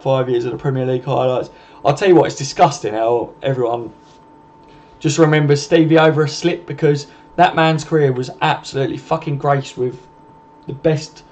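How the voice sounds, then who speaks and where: A man's voice: mid-range voice, mellow. A young man hosting a live stream, reading out viewer comments and answering them in casual chat full of swearing and laughter. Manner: sweary, laughing, matey banter.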